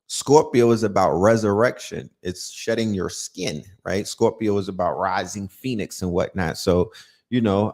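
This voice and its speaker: A man's voice: lowish voice, moderate pace, a little mellow. A man hosting a casual live-stream chat, joking around and tagging lines with "you know what I'm saying". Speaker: host.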